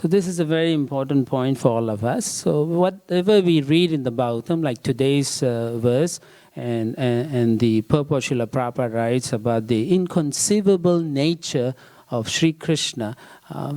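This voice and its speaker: A man's voice: mid-range voice, moderate pace, warm tone. A man giving a scripture class in a temple, telling an anecdote with frequent fillers and tag questions. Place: temple hall.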